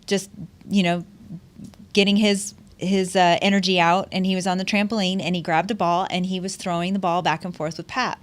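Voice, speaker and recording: Emotional middle-aged woman podcast host. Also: lowish voice. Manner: emotional storytelling, laughs often, many restarts. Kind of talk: casual heartfelt conversation.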